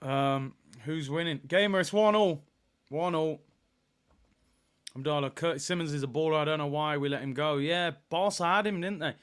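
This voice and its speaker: A young man hosts a live football watchalong, reading viewers' comments and reacting to the game. His voice sits a little high for a man, and he swings from easygoing chat to loud, excited outbursts. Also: moderate pace, smooth. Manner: animated, banter with chat, bursts of excitement.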